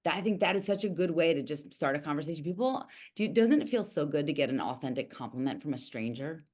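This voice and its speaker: A woman's voice: deep voice, lively intonation, fast, a little mellow. A woman leading a coaching team call over a video call, enthusiastic and effusive with praise.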